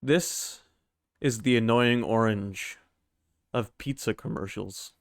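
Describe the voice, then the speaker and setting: A man's voice: fairly low pitch, slow pace, no echo. A man streaming, giving casual wry reaction commentary and swearing freely, on a close mic.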